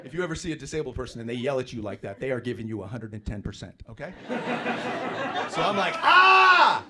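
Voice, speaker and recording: A man on a comedy club stage telling a profane story, and his pitch swings widely as he leaps into loud yelps and acted-out inner voices. He speaks into a handheld stage mic. A live crowd laughs loudly around him. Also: big pitch swings, quick pace, noisy background. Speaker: stand-up comedian. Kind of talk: stand-up comedy set. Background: audience laughter.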